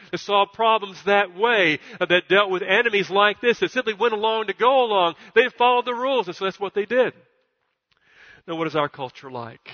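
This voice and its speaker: A man preaching a sermon in a church, his voice a little high for a man. He drives his points home with repetition, swinging up to loud, lifted peaks and stumbling into a stutter now and then. The sound is dull and muffled, with a long reverb trailing off the hall. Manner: emphatic, builds to loud high peaks, repeats words; stutters at times. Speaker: pastor.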